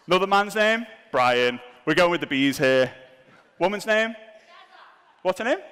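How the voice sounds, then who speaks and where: A man's voice: high-pitched, expressive, unhurried, long pauses, a bit bright, smooth, in a large hall. A man giving a comedic live seminar talk to an audience in an event room, joking and poking fun at himself with asides to the crowd. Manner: jokey, self-mocking, asides to the crowd. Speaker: seminar speaker.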